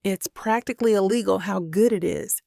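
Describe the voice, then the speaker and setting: A woman's voice: mid-range voice, moderate pace, creaky, dark tone, no echo, clean studio sound, lightly acted. A woman reading a wry, teasing grown son. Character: playful teasing man, family's grown son.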